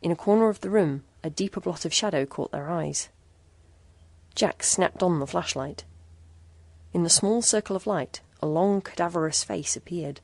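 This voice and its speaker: Woman narrator, low voice, gravelly texture, measured storytelling, dry sound. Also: darkish tone, no echo. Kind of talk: scripted narration.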